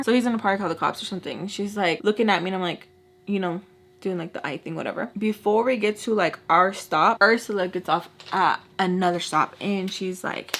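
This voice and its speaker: A young woman tells a storytime tale to her camera in a chatty, animated way. She acts out each back-and-forth, tossing in "like" constantly. Her voice sits in a middle register for a woman. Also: mid-range voice, brisk, creaky. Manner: animated, acts out dialogue, many "like" fillers. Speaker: vlogger. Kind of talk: storytime narration.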